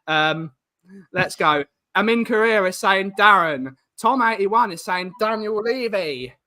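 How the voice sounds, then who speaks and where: A man hosting a casual chat, telling jokey stories and reading out comments with quick restarts. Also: high-pitched, lively intonation, bright, forceful tone. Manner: fast, joking storyteller with restarts. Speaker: podcast host.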